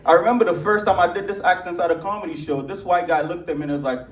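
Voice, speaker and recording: A man's voice: fairly high pitch, steady tone, fast, hardly any pauses, distant mic. A young man in his twenties from Lagos with a Nigerian accent, doing a brash, crude stand-up set at a comedy club. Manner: brash, crude, conversational punchlines. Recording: echoey club audio from afar.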